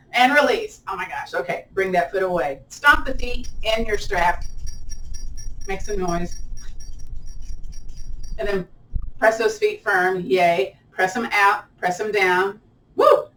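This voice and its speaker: A woman's voice: medium pitch, a bit bright, slight background noise. Woman teaching chair yoga, upbeat and chatty, kinda far from the mic in a roomy echoey space. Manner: encouraging, chatty, with cheerful whoops. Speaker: yoga instructor. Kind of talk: guided chair yoga class.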